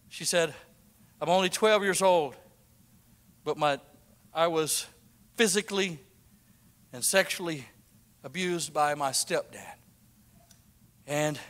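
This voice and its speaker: A fervent male preacher with a bright, forceful and slightly high voice. He swings from loud declarations to hushed whispers and repeats his phrases for emphasis. His sermon carries the long reverb of a church hall.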